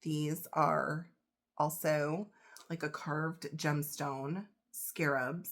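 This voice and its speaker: A woman's voice: low voice, big pitch swings, measured pace, a bit bright, breathy edge. Gushing woman unboxing jewelry. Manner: gushing, emotional, gasps and whispers in delight. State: recovering from a cold. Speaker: reseller vlogger. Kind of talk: casual unboxing vlog.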